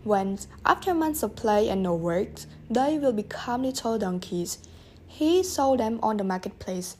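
A woman reads a children's storybook aloud in a gentle manner, speaking straight to her young listeners. Her voice sits a little high. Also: lively intonation, a little slow, slight background noise. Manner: gentle, addresses listeners directly.

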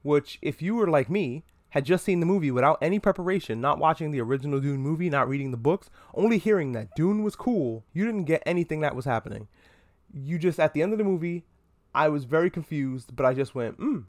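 A man hosting a comedic pop-culture podcast, talking in an animated, profane and self-mocking way. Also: on the high side, brisk. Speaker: podcast host.

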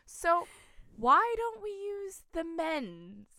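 A woman co-hosting a podcast in casual chat, reacting quickly and animated. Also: very high voice, dry recording, studio quality. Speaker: podcast co-host.

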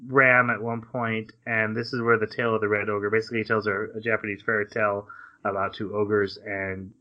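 On a podcast he co-hosts, a man casually recaps an anime in rambling fashion, acting out the characters' lines and laughing. His fairly low voice has little pitch movement and runs a little fast, and the lo-fi recording sounds dull.

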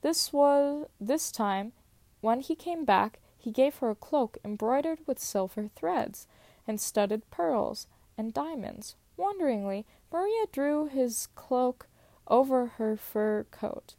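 A woman's voice: high voice, expressive, takes it slowly, mellow, no room sound. A young woman casually reading old stories aloud, stumbling over words and swearing in asides. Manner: stumbles and laughs at own slips, swears in asides. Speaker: storyteller.

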